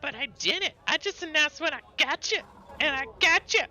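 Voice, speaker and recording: A man's voice: very high voice, expressive, moderate pace, sharp tone, voice pushed up, heavily acted, low-quality recording. Man doing a shrieking, giddy little critter girl. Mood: defiant.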